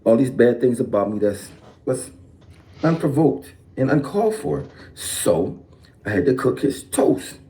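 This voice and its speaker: A man's voice: mid-range voice, lively intonation, unhurried, dark tone. A man ranting to camera about his feuds, defiant and explaining himself, tagging lines with "okay". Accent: Philadelphia. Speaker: rapper in a clip. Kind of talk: direct-to-camera rant.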